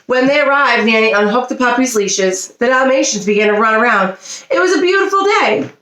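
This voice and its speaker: A woman teacher reading a children's storybook aloud, expressive and animated. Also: fairly high pitch, a little fast. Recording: roomy echo.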